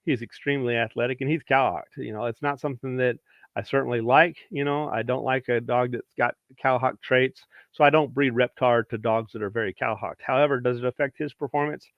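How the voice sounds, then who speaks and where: A man's voice: medium pitch, steady tone, brisk. A plain-spoken man explains dog training in a matter-of-fact instructional way, driving each point home. His mid-range voice comes through a dull, lo-fi recording with a dry, close sound and no room echo. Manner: plain-spoken, practical, repeats points for emphasis. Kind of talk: instructional talk.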